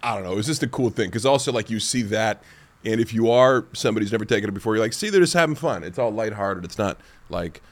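A man's voice: fairly low pitch, quick pace. A man hosting a podcast, talking in a rambling casual way with many fillers. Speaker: podcast host. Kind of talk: casual chat.

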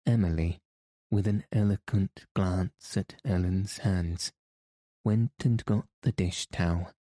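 A man narrating an audiobook in a measured, even reading voice. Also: low-pitched, no echo.

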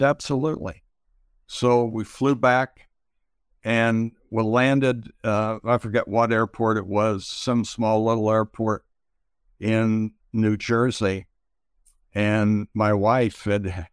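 An older man telling stories as an interview guest, halting with many pauses and fillers. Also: fairly low pitch, clean tone, no room sound, clean studio sound. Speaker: interview guest, retired pitcher. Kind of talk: slow reflective storytelling.

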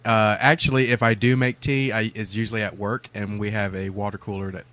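A man's voice: lowish voice, level tone, fairly quick, fairly bright tone. Dry-humored man from the southern US. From southern United States. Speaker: podcast co-host. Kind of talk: casual banter, reading listener mail.

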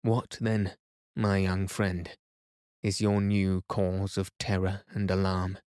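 A man's voice: low voice, clean tone, no echo, studio quality. Man reading as an unflappable old professor. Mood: calm. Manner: calm, provoking, measured. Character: calm, unflappable older male professor.

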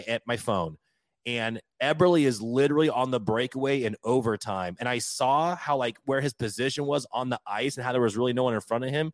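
A young man co-hosting a podcast, telling a story in casual chat, animated and quick to laugh, swearing now and then. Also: mid-range voice, no room sound. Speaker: podcast co-host.

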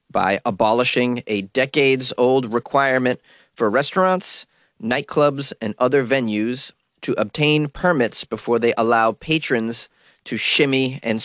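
A man's voice: medium pitch, fairly bright tone, no echo, studio quality. Wry man with a cold. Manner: wry, mocking asides between read-outs. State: has a cold. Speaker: host. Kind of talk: comic news commentary.

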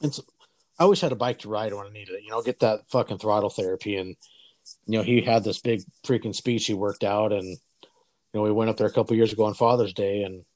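A man's voice: on the low side, fast talker, darkish tone, dry recording. A man in his forties hosting a casual chat, telling stories in a loose, profane way and acting out the voices of people he quotes. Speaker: podcast host.

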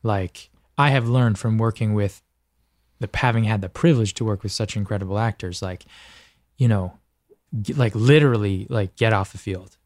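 A man's voice: lowish voice, normal speed, a little mellow, no room sound, clean studio sound. A man speaking as a podcast guest in casual conversation, earnest and reflective, often stopping and restarting his sentences.

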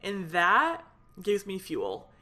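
A woman's voice: mid-range voice, wildly swooping pitch, slow pace, bright, forceful tone. A young woman hosting her own solo podcast, talking in a fired-up, rambling way with lots of fillers. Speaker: podcast host. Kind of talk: casual solo podcast venting.

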